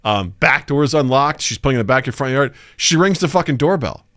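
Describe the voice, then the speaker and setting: Forties male podcast co-host, bright tone, animated storyteller. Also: mid-range voice, a little fast, no echo, clean studio sound. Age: 40s. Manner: animated storyteller who acts out quotes loudly and laughs often. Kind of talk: casual chat, storytelling.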